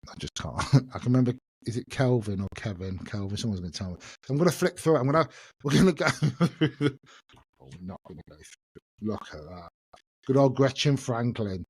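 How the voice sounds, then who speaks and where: A man hosts a casual solo podcast, rambling and laughing at himself as he goes. His voice sits at an everyday middle pitch. The sound is dry and close, with no room echo. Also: animated, brisk, a little mellow, slightly rough. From England. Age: 50s. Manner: chatty, self-mocking, laughs often. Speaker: podcast host.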